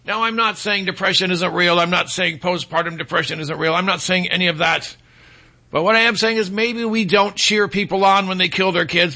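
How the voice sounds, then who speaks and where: Man, talk radio host, sarcastic monologue, pitched high, bright and piercing tone. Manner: sarcastic, mocks people in put-on quoted voices.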